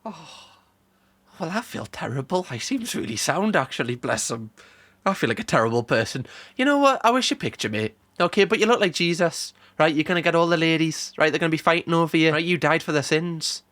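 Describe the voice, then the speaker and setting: A man's voice: a little high, animated, fast talker, a bit bright. A man giving jokey, sarcastic reaction commentary. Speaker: YouTube commentator.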